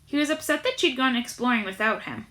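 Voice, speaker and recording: Woman, audiobook narrator, expressive storytelling, bright, slightly high voice. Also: fast talker. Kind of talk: audiobook reading.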